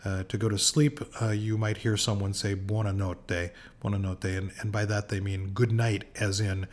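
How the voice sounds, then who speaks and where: A man with a slightly low voice leads an informal pronunciation lesson. He talks slowly and patiently, pausing on fillers and saying each word twice so it can be copied. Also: little pitch movement, a little hiss or hum. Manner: slow and patient, frequent uh fillers, repeats words for practice. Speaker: language teacher.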